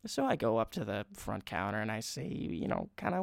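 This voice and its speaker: A man's voice: mid-range voice, very animated, normal speed, gravelly, hardly any pauses, no echo, clean studio sound. A young man casually recounting a trip, rambling and chatty, often breaking into laughter. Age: young adult. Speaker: podcast host. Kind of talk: casual travel storytelling.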